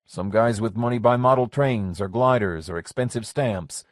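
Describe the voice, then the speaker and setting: A man's voice: fairly low pitch, moderate pace, no echo, studio quality, close to an everyday voice. A man voicing a blunt, skeptical businessman. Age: 40s. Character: blunt, skeptical middle-aged businessman friend.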